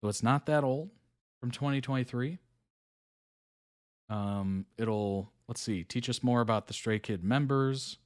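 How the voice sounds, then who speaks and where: A man's voice: lowish voice, measured pace, few pauses. A man hosting a live reaction video, reading on-screen text aloud and chatting casually about it.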